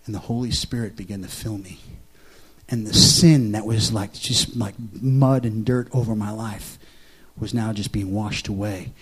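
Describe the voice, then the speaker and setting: A man preaching a sermon, telling his own testimony and asking the congregation questions, swinging from loud excited storytelling to a hushed, soft confession. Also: fairly low pitch, normal speed, husky. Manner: asks the audience questions.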